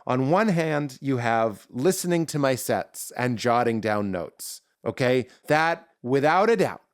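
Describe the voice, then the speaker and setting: A man's voice: mid-range voice, a little slow, clear, resonant tone, no room sound, clean studio sound. A man, a comedian guest on a podcast, talking at length in casual chat and acting out his bits in voices. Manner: animated, acts out bits in character voices.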